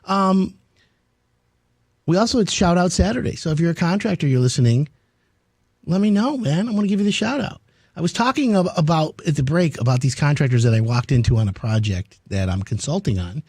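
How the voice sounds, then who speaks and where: Male radio host, casual and chatty, lively up-and-down delivery, slightly husky, dry close studio mic. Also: on the high side, a little fast, no echo. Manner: chatty, storytelling, jokey. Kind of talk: casual talk radio chat.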